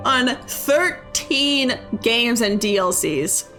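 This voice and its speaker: A woman's voice: mid-range voice, moderate pace, a bit bright, faint music behind. A woman game streamer chatting casually and rambling about her day while she plays. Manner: chatty, self-mocking, rambling. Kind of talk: casual chat while gaming.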